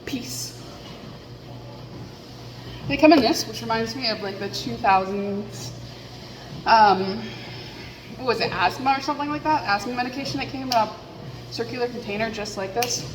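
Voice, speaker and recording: A woman with a fairly high voice talks through a headset in a candid, self-deprecating ramble, thinking out loud. The sound is roomy, with a long reverb tail and a faint hiss underneath. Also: normal speed, long pauses. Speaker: vlogger. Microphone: headset mic.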